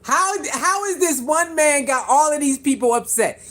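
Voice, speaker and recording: A vlogger whose voice sits high chats about sports to the camera at a moderate pace. He's animated and repetitive, tossing rhetorical questions at viewers and laughing between points.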